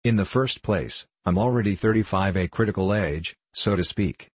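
Jittery, fretful suitor in his thirties, read by a man with a deep, husky voice for an audiobook play. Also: normal speed, dry recording. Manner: fretful, flustered, stumbling over words. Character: nervous 35-year-old male suitor, anxious and hypochondriac.

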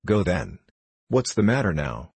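A man's voice: low voice, sing-song, a little slow, a little mellow, slightly rough, no room sound, heavily acted. A man voicing a cunning, cruel male dwarf who gives sly, menacing orders to his wife. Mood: threatening.

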